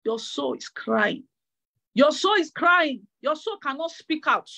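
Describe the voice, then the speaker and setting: A woman's voice: sits high, expressive, slow pace, creaky, sharp tone. A woman preacher delivering a fervent sermon, repeating phrases with stammering restarts.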